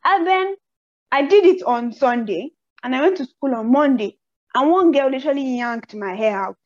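High-voiced Nigerian woman telling stories. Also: moderate pace, no room sound. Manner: animated storyteller who acts out quotes. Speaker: podcast host. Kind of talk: casual chat, personal storytelling. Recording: slightly dull, dry audio.

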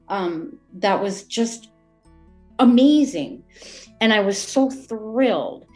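Woman, interview guest, heartfelt personal story, halting delivery, fillers and restarts, faint music underneath. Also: a little high, expressive, darkish tone.

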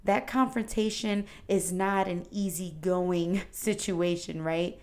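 A woman's voice: on the low side, fairly even intonation, slow, a little mellow. A woman hosting her own podcast, giving an earnest and encouraging motivational talk straight to her listeners. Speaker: podcast host. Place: at home indoors.

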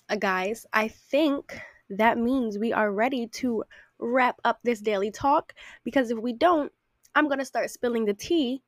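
A woman's voice: fairly high pitch, dry recording, studio quality. Candid, profane young woman podcaster. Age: about 20. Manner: candid and profane, affectionate toward listeners. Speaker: podcast host. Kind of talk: casual solo podcast talk. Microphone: podcast microphone.

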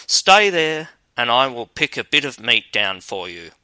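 A man voicing a clever, vengeful male sparrow in a fairy tale, in a brisk, confident manner. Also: medium pitch, very animated, pushed and bright, smooth, no echo, full character voice. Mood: friendly.

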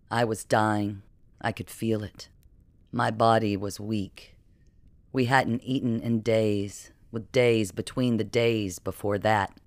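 A man narrating a first-person audiobook in a measured, somber way. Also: fairly low pitch, no room sound.

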